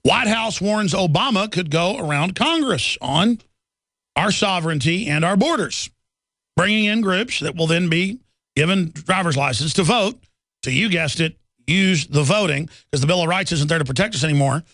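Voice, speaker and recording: A man's voice: sits high, animated, moderate pace, a bit bright, no echo, clean studio sound. A man hosting a political talk radio show, delivering an emphatic, indignant and sarcastic monologue.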